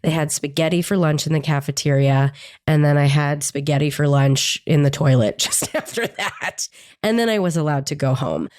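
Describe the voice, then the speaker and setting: A woman's voice: sits low, moderate pace, a little mellow. A woman podcast host and psychotherapist with a stuffy nose from a cold, chatting candidly and poking fun at herself. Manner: candid, chatty and self-deprecating. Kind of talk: casual solo podcast chat.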